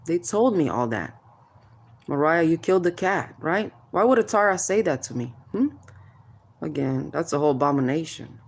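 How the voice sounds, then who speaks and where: A low-pitched mother speaks out about child services in a direct-to-camera vent. She confronts officials, keeps prodding "hmm?", calls listeners "baby" and warns of spiritual payback.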